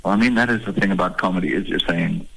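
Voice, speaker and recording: A man from the Eastern Cape, a stand-up comedian talking in a relaxed, hesitant, self-deprecating way in a radio interview. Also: deep voice, fast, creaky, breathy edge, dry recording, poor audio. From Eastern Cape, South Africa. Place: radio studio.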